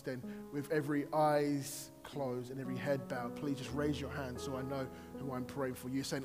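A man's voice: medium pitch, flat delivery, normal speed, music in the background. A man preaching a sermon in a conversational way, rising to emphatic points.

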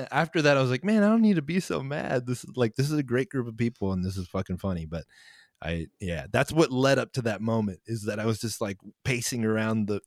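A man's voice: lowish voice, no echo, studio quality. A young man casually telling a rambling road story, full of fillers and laughing as he goes.

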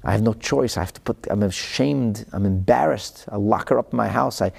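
An embarrassed young nephew, played by a man, stumbling through a halting confession. The voice is low, dark and gravelly. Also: full character voice. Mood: ashamed. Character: ashamed young nephew of a king.

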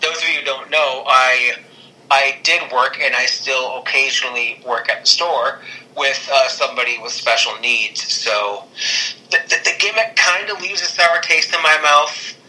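A man co-hosting a casual podcast, talking in a halting way with stammers and restarts. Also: medium pitch, pushed and bright, rough recording. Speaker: podcast co-host. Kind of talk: casual chat.

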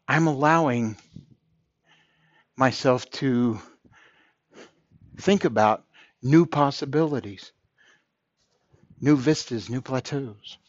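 A man's voice: mid-range voice, slow pace, long pauses, no echo, lo-fi sound. A man hosting a podcast, delivering an earnest motivational monologue and repeating phrases for emphasis. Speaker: podcast host.

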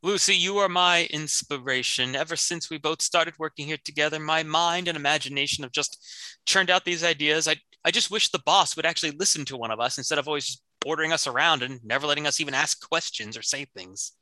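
A man's voice: fairly high pitch, fairly quick, bright, forceful tone, dry recording, poor audio. A man playing a scheming young store clerk in an improv comedy scene, earnest and stammering when nervous.

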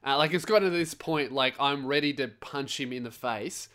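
A man's voice: mid-range voice, moderate pace, sharp tone. A man hosting a podcast, telling a story in a heated, blunt rant full of swearing. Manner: swearing, blunt and heated, acts out other voices. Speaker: podcast host. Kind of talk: ranting storytelling monologue.

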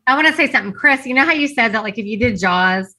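A woman chatting on a movie podcast, lively and quick to jump in, laughing as she retells scenes. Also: a little high. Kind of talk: casual movie discussion.

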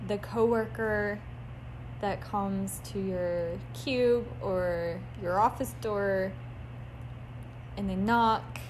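A woman co-hosting a casual podcast. She speaks at an unhurried, slow pace and teases herself, breaking into laughter often. Faint background noise sits under her voice. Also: mid-range voice, darkish tone. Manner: laughs often, playful and self-mocking. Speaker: podcast co-host. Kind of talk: casual chat.

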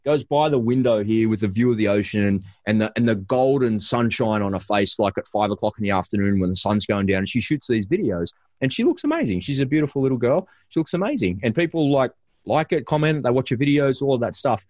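Lively storytelling man, dry lo-fi sound. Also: mid-range voice, quick pace, dry recording. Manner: animated storyteller with many restarts. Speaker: podcast host and father. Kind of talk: casual podcast chat.

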